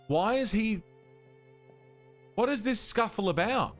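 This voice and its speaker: A man's voice: sits high, expressive, slow pace. A man thinking aloud as he streams a puzzle game, muttering and counting under his breath. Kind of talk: casual gameplay commentary. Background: game music.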